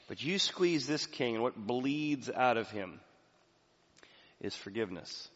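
A male pastor preaching a sermon in a church, swinging from soft, low passages to loud, emphatic ones. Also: lively intonation, a little slow. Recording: reverberant hall, slightly dull sound.

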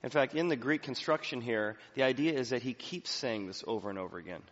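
A man's voice: medium pitch, fast talker. Man preaching a sermon in a hall. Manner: emphatic preaching that swings from soft to loud. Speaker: pastor. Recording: reverberant hall, slightly dull sound.

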